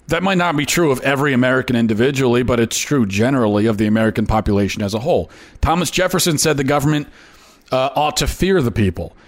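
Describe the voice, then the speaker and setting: A man's voice: medium pitch, fast talker. A man hosting an opinion commentary show, talking emphatically and often repeating words for effect. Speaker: host.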